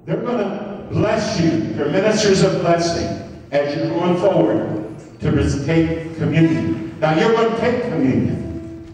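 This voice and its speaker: A man preaching a sermon as pastor, swinging from loud, high exclamations to soft murmurs. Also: a little slow. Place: church sanctuary. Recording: echoey church hall from far off.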